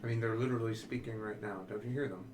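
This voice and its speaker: A man's voice: fairly low pitch, fairly even intonation, racing, noisy background. Puzzled man playing in character. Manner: puzzled, earnest in-character musing. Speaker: player. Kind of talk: in-character tabletop role-play.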